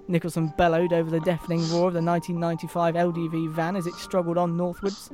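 An English man with a high-pitched voice reads a comic Christmas story aloud on a podcast. He leans into the drama and plays each character's voice. Soft music sits behind him. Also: monotone, fast, few pauses. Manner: reads dramatically, breaking off into laughter and asides.

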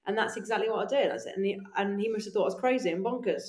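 A woman guest on a podcast, telling animated stories in casual chat, swearing freely and acting out her own voice. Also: mid-range voice, fast talker, hardly any pauses. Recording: echoey room.

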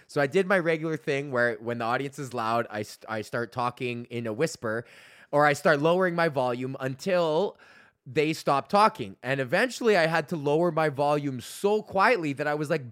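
A man hosting a podcast, telling a profane, animated story in a casual rant, often laughing. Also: fairly high pitch, no room sound, clean studio sound. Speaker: podcast host. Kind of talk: casual ranting monologue.

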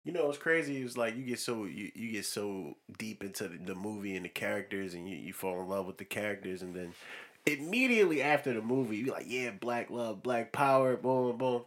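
A man hosting a casual chat, relaxed, asking probing questions. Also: on the low side, fast.

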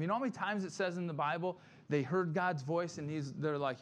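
A male pastor preaching a sermon in a conversational way, often checking in with "right?" and acting out Bible figures in quick quoted lines. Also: on the high side.

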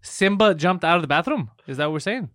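A man in casual comedic banter on a podcast, with a slightly higher voice that swings up and down a lot. He keeps cutting in with teasing jokes, and the sound is close and dry. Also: fast talker, no echo. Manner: teasing, jokes over others, animated retelling. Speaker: podcast co-host.

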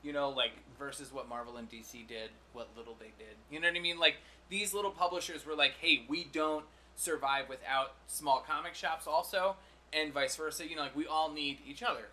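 A man's voice: fairly high pitch, fast talker, few pauses, pushed and bright. A man hosting a podcast in casual, chatty banter, laughing easily and swearing offhandedly. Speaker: podcast host.

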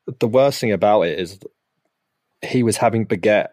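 A man's voice: on the low side, moderate pace, a little mellow, no echo, studio quality. A man hosting a podcast in casual chat, teasing his co-host and laughing often.

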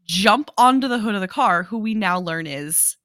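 A woman's voice: medium pitch, lively intonation, moderate pace, a bit bright, no echo, clean studio sound. A young adult woman co-hosting a podcast, explaining a movie's background at length and recounting scenes play by play. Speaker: podcast co-host. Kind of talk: casual movie discussion.

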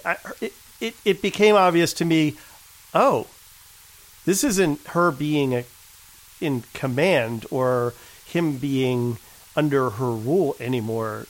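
Low-voiced slow-talking woman. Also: low-quality recording. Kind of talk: casual chat.

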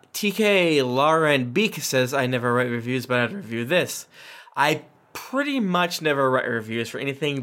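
Male podcast host, mid-pitched, reads fan reviews with jokey emphasis. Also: a bit bright. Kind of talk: casual podcast chat.

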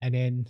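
A man's voice: mid-range voice, dull audio. Laid-back Glaswegian man, dry anecdotes. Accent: Glaswegian Scottish. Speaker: podcast co-host. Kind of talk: casual comedy chat.

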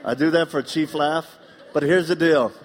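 A middle-aged man preaching a live sermon, animated and joking, acting out the voices in his stories. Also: fairly high pitch, normal speed. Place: church auditorium. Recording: long reverb of a large hall.

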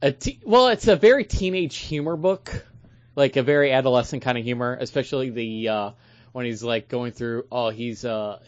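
A man's voice: mid-range voice, moderate pace, no room sound, lo-fi sound. A man co-hosting a podcast, teasing his friends with wry banter. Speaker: podcast co-host. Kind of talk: casual podcast chat.

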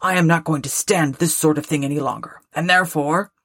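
Scrooge, a gruff old miser, read by a woman. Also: low-pitched, brisk, fairly bright tone, no room sound, clean studio sound, exaggerated voice. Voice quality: feigned gruff growl. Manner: blustering then hearty. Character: old male miser turned jovial.

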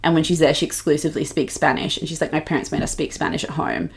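A young woman with a low-pitched voice chats on a podcast. She gossips with animated, sweary energy, often slipping into mocking impressions of the people she discusses. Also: fast, vocal fry. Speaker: podcast co-host. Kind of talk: casual gossip chat.

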